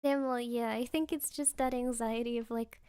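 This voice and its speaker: A young woman streamer at home, telling a story in casual chat, excitable and laughing often, with lots of fillers. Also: a little high, moderate pace, clear, resonant tone, dry recording, studio quality. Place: at home, creaky floor.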